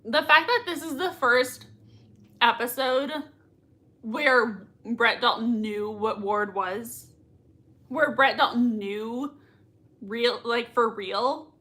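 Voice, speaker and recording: High-voiced young woman gushing in slow speech. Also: sharp tone. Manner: gushing, squealing with emotion. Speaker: livestream reaction host. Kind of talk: excited live reaction chat.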